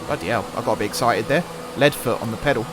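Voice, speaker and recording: A man's voice: mid-range voice, fast talker, noisy background. A man hosting a gaming channel, chatting and joking to himself while commentating a racing game. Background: game music and engines.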